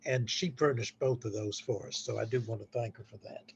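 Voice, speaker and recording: A man's voice: medium pitch, fairly quick, vocal fry, lo-fi sound, slight background noise. A man presenting poems at a poetry society meeting indoors, earnest, often repeating phrases as he starts them. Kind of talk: casual event presentation.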